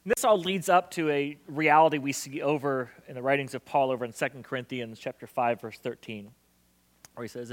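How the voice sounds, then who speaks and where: A man's voice: a little high, brisk, bright, forceful tone. A man preaching a sermon as pastor, impassioned, acting out quoted voices and leading a prayer. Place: church hall. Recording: long hall reverb.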